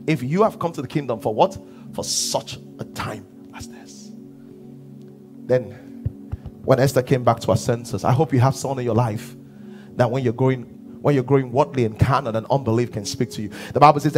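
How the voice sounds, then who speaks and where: A Nigerian man preaching a sermon as pastor. He asks his congregation questions and answers them, and he swings from hushed asides to shouting. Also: mid-range voice.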